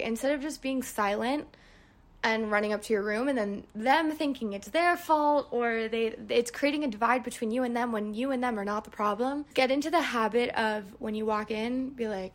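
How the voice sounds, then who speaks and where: A woman's voice: a little high, moderate pace. A young woman hosting her own podcast, chatting casually and answering listener questions with enthusiasm. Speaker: podcast host. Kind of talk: casual solo podcast monologue.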